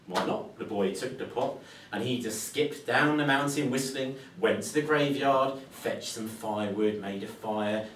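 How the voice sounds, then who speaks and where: A man narrates a folk tale in an animated, playful way as part of a storytelling speech to a club. His voice sits at an average pitch. It echoes around a meeting room, picked up from far away with faint background noise. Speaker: club speaker.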